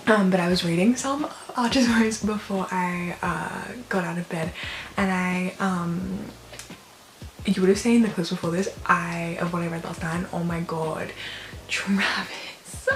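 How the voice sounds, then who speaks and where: A woman's voice: on the low side, fairly even intonation, a little slow, roomy sound, slight background noise, poor audio. A young woman chatting in a casual reading vlog, gushing and rambling with lots of fillers as she talks from her bedroom. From Australia. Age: young adult. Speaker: book vlogger.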